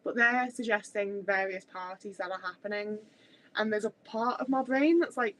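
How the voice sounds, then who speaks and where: A woman's voice: mid-range voice, normal speed, slight background noise, rough recording. A woman in her thirties with a mixed Midlands and Scouse accent, chatting casually on a livestream from home and rambling with many restarts. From Stoke, English Midlands. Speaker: livestream host. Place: home kitchen area. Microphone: webcam mic, moving away while cooking.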